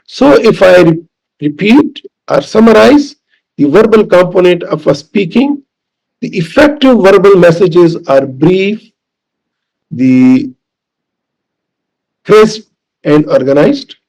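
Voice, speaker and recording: Man, Pakistani English accent, high-pitched, gravelly, slow lecture delivery. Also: expressive, darkish tone, low-quality recording. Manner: slow, deliberate, repeats key points with fillers. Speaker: professor lecturing. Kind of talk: recorded lecture.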